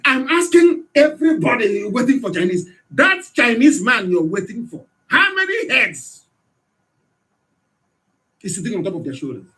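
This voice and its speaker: A man with a Nigerian accent giving an impassioned political radio address, hectoring his listeners with rhetorical questions and sometimes shouting. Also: very high-pitched, big pitch swings, moderate pace. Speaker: radio broadcaster.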